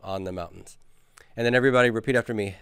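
A man's voice: lowish voice, rapid-fire, fairly bright tone, clean tone, no echo. A man teaching a class, patiently drilling students and having them repeat after him. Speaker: Hebrew grammar teacher. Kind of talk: classroom lecture with questions.

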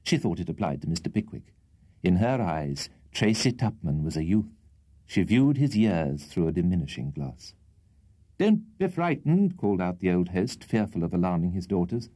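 A man reading a classic children's audiobook aloud in an expressive, theatrical narration. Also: deep voice, normal speed, dry recording. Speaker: audiobook reader. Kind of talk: scripted storybook narration.

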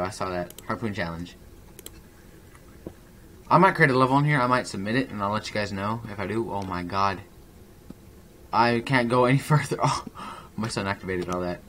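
A man hosting a gaming channel, giving rambling, excitable let's-play commentary from his home computer. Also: lowish voice, slight background noise.

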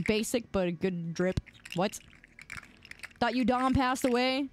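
A woman's voice: a little high, measured pace, noisy background. A woman game streamer chatting casually and teasingly with her viewers while she plays. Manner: animated, teasing, talks to chat. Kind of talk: casual live-stream chat.

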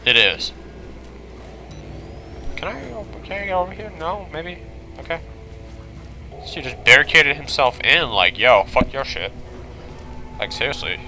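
A man playing a horror video game, commentating with panicky swearing, switching between yelling and muttering. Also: fairly high pitch, expressive, measured pace, long pauses, a little hiss or hum. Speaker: gaming video host.

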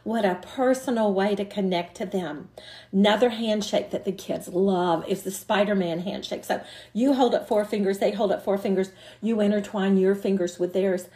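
A woman's voice: medium pitch, moderate pace, warm tone. An older woman, an early childhood educator, giving an encouraging teacher training talk and breaking into short demonstration songs.

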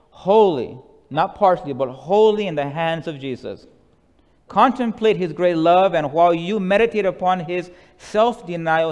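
Male pastor, unhurried sermon cadence, falls to quiet hushes, echoing sanctuary sound. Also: fairly high pitch, clean tone. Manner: slow, deliberate preaching that drops to a soft hush. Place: church sanctuary. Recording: long church reverb.

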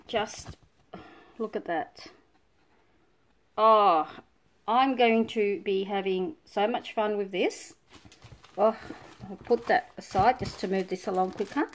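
A woman with an Australian accent, chatting casually as she unboxes scrapbooking supplies, full of delighted exclamations. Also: fairly high pitch. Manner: gushing, breathy exclamations of delight. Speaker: scrapbooking vlogger.

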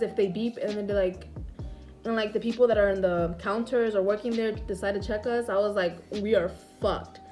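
A woman's voice: medium pitch, a little mellow. A young woman telling stories in a casual question-and-answer vlog, rambling with lots of "like" and swearing freely. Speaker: vlogger. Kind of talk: casual Q&A story time.

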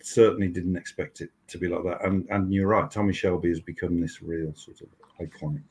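A man's voice: low voice, steady tone, brisk, darkish tone, breathy edge, rough recording. A man in his sixties, a TV writer and show creator, talking as a guest in a casual podcast interview, telling stories with many restarts. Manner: rambling storytelling with many restarts.

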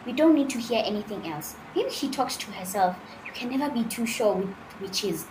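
Playful dog friend, voiced by a woman, high-pitched, lively, slight noise. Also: moderate pace, close to an everyday voice. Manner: excitable, playful. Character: excitable, curious dog friend. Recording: roomy sound with faint noise.

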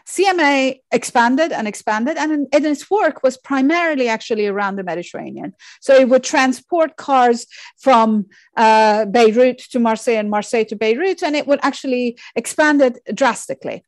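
Lecturing woman, fairly high voice. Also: dry recording. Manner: measured, many fillers and restarts. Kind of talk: academic lecture with slides.

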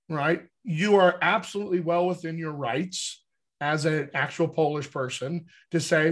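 A man's voice: on the high side, normal speed. A man with a General American accent, a dialect coach explaining accent work in a casual video call, checking in often with "all right?". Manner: animated teaching, frequent "all right?" check-ins.

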